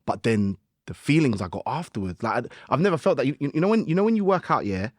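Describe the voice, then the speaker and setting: A man chats as a podcast guest, full of slang and animated storytelling. His voice sits in a middling register. The sound is dry and close, with no room to speak of. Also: medium pitch, fast talker, no echo. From United Kingdom. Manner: animated storytelling with slang and acted-out self-talk. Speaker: guest musician. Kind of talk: casual podcast conversation.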